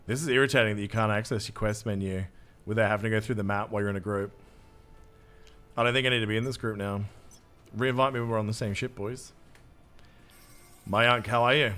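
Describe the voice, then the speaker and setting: A man's voice: fairly low pitch, fairly even intonation, fairly quick, long pauses, sharp tone, clean tone, faint music behind. An Australian man streaming a game, chatting casually with his viewers in a jokey, self-mocking way and swearing freely. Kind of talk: live gameplay commentary, reading chat.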